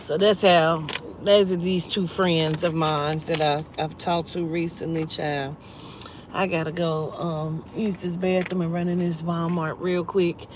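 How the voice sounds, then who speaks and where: A blunt, foul-mouthed woman tells a story straight to her viewers, jumping from loud outbursts to low, muttered asides. Her voice sits at an ordinary middle pitch. The sound is dull and lo-fi, with a faint hum of a vehicle behind her. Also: little pitch movement, measured pace. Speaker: vlogger and spiritual reader.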